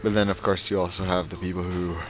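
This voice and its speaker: A young man giving casual gaming commentary, telling a story in a slow, dry, sarcastic way. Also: deep voice, level tone. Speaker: let's play gamer. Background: game music.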